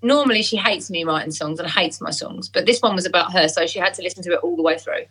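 Woman, breathy voice, bright tone, animated storytelling guest. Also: fairly low pitch, fast talker, low-quality recording. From Essex, England. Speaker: singer-songwriter guest. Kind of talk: casual conversation.

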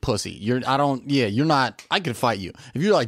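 A man co-hosting a comedy podcast, joking casually and jumping into high put-on voices. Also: big pitch swings, moderate pace, few pauses, fairly bright tone, dry recording, clean studio sound. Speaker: podcast co-host. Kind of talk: casual chat.

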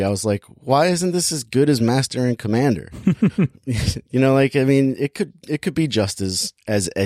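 A male podcast reviewer chats casually about a movie in a medium-pitched, slightly mellow voice, captured in clean studio sound without any room noise. His talk wanders, is packed with "like," and is full of self-interruptions and restarted sentences.

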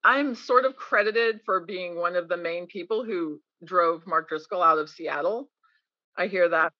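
Her pitch fairly low and her pace unhurried, a woman guest on a podcast interview is heard in a muffled recording lacking room sound. She tells candid stories with animation, acting out quoted speakers.

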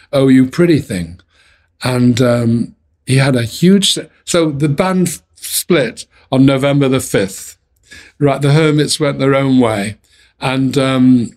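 A man's voice: medium pitch, a little mellow. An older man, a former music manager, telling chatty anecdotes in an interview, with frequent restarts. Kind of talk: storytelling in an interview.

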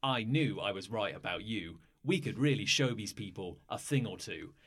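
A man's voice: fairly low pitch, animated, normal speed, a bit bright, voice pushed down. A man voicing a cocky teenage rebel boy from a dating game, swaggering and casual.

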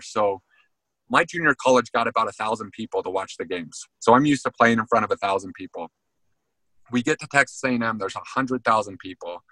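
A man's voice: on the low side, fairly quick, no room sound, low-quality recording. A man, a former college football player, telling a story in a casual interview and often saying "man". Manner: animated storyteller, says "man" a lot.

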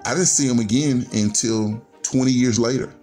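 Faint music sits behind this middle-aged storyteller guest from Chicago, whose medium-pitched voice is warm and moderately paced. He relates a personal story in an earnest, conversational way, often connecting points with "and so."

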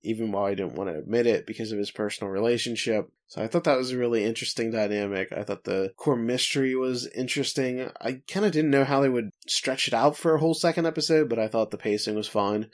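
A man co-hosting a podcast in loose, casual chat. He teases his co-host and tosses in quick playful asides, his voice sitting at an ordinary middle pitch.

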